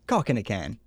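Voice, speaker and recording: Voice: medium pitch, husky. A livestreamer improvising a silly mock advert while gaming, giggling and stumbling over words.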